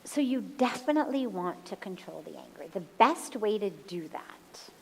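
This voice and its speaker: A woman spiritual teacher answering a question in a calm, measured talk and guiding a slow breathing exercise aloud. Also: mid-range voice, creaky, slight background noise, rough recording. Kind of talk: slow, gentle satsang talk. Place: satsang hall.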